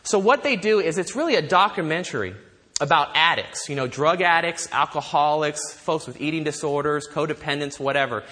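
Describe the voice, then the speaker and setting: High-voiced man preaching a sermon. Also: brisk. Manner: storytelling, animated, with frequent restarts and laughs. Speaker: pastor.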